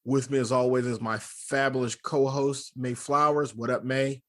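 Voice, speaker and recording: Relaxed male car-show host. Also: mid-range voice, moderate pace. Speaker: podcast host. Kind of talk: casual chat and car commentary.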